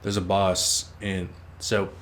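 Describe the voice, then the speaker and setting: A low-pitched man chats loosely over his gameplay, drifting from topic to topic, cursing casually and poking fun at his own slip-ups. He is close on a desk mic, with a faint hum of room ambience underneath. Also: flat delivery, slow pace, a bit bright. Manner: rambling, swears freely, teases himself. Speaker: let's play host.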